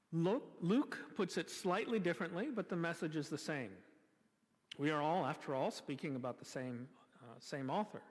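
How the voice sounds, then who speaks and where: Male pastor, sermon delivery: expressive, wry, rhetorical, slightly high voice, church reverb. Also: moderate pace. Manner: animated, rhetorical questions, wry asides. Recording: long reverb from a church hall.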